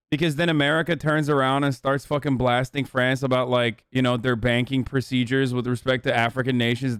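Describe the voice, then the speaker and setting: A man's voice: mid-range voice, fairly bright tone, smooth, no room sound. A man on a livestream talking in loose, profane, rambling casual chat into a close mic.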